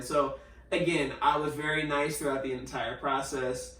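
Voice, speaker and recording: A man's voice: on the high side, brisk, recorded from a distance. A man hosting a podcast, telling a story in casual chat, acting out the quotes with lots of fillers. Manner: animated storyteller, acts out quotes, many fillers. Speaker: podcast host. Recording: roomy sound, a little off mic.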